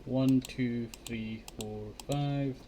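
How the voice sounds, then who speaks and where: Slow-talking man muttering over gameplay. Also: mid-range voice, steady tone, background noise. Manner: mutters counts under his breath, flares up in annoyance at mobs. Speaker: Minecraft streamer. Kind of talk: casual gameplay commentary. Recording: clear keyboard clicks behind the voice.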